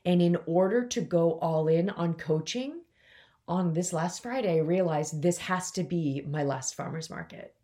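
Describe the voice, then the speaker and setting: Her voice is fairly low and warm, moving at a normal pace. She's a business coach in her forties talking alone on her own podcast, candid and emotional, close to crying as she tries to keep her composure.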